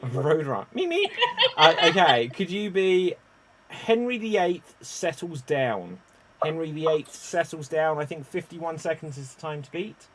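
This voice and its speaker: A man hosts an online improv comedy game with a slightly raised voice. He talks at an unhurried pace and breaks into loud, animated exclamations. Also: on the high side, slight background noise. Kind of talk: lively online improv show hosting.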